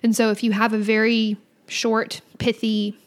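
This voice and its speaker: A woman's voice: a little high, completely flat delivery, a little slow. A woman co-hosting a casual podcast about faith, speaking earnestly and with animation. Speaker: podcast co-host. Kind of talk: casual religious discussion.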